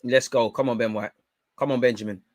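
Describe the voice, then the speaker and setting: A man hosting a live football watchalong, reacting excitedly, shouting at players and the referee and swearing now and then. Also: mid-range voice, fairly quick, no room sound, studio quality. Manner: talks while eating. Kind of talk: live match reaction commentary.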